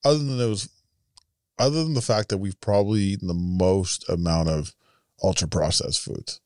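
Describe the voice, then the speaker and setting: Young man, low pitch, dry close sound, casual podcast talk, stumbles and restarts. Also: a little mellow, dry recording. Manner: halting, restarts, laughs often. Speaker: podcast co-host. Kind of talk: casual chat.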